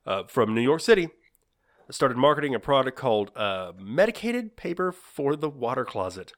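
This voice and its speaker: A man's voice: mid-range voice, big pitch swings, moderate pace. A man co-hosting a casual podcast, laughing often as he tells odd trivia. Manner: laughs often, giggly storytelling of odd facts. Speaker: podcast co-host.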